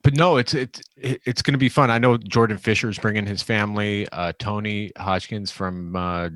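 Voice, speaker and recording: Matter-of-fact man, lowish voice. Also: steady tone, normal speed, fairly bright tone, dry recording. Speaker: podcast co-host. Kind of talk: casual chat.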